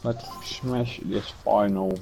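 A man adds short, relaxed remarks in a lower voice while a game is played. His tone is laid-back and encouraging. Game music plays softly behind him. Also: slow pace, vocal fry. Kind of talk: casual chat.

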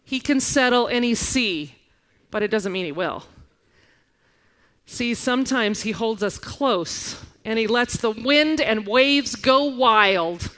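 Woman in her forties giving an animated sermon. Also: a little high, slow. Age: 40s. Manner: animated storytelling, reading scripture aloud. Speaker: guest preacher.

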